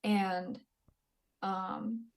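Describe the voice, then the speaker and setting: Speaking very slowly with fairly even intonation in a mid-range voice, this podcast guest, an Army veteran in her twenties, shares candid, casual stories. She's blunt and profane and mimics the people she quotes.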